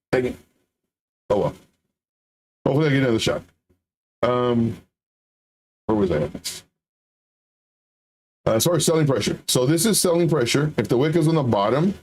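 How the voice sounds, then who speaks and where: A man teaching chart trading on a livestream, explaining in an animated way and acting out the voices of confused viewers and rival teachers. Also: medium pitch, slight background noise. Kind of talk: livestreamed market commentary.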